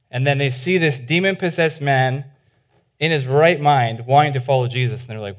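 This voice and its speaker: A man preaching a sermon at a middle pitch, in a loose and conversational way. He restarts his sentences and fills them with "like". He tells the stories with energy and acts out the voices of the people in them. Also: moderate pace. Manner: animated retelling, acting out the voices in the stories; informal, with many "like"s and restarts. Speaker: pastor.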